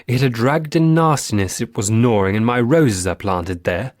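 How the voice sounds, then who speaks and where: A man's voice: medium pitch, moderate pace, no echo, studio quality, close to an everyday voice. A man voicing an imperious, irritable old woman who commands her household in a haughty, petulant way. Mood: cold, imperious.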